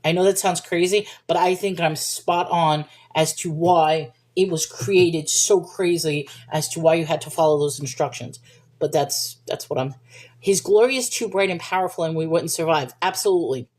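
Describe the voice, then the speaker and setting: A woman's voice: deep voice, normal speed, a little mellow. A woman hosting a livestream, talking casually about faith and reading viewer comments, chatty and thinking aloud with restarts and little laughs.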